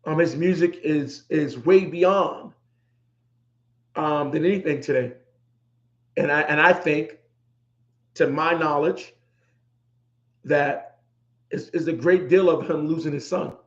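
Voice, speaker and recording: A man's voice: fairly high pitch, slow, long pauses. A middle-aged man hosting a podcast, talking heartfelt and emotional, repeating himself for emphasis. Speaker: podcast host. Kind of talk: heartfelt livestream talk. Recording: echoey room, dull lo-fi sound.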